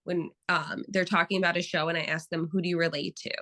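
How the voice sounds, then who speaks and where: A young woman with a low-set but bright, forceful voice chats as a therapist guest in an interview. She tells lively stories and acts out the people in them. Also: quick pace, low-quality recording. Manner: animated storytelling with acted quotes. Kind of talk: casual interview talk.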